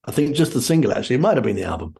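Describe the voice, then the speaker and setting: A man's voice: medium pitch, big pitch swings, very fast, vocal fry, warm tone. A man guesting on an interview show, chatting casually and telling rambling stories with many fillers. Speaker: guest musician.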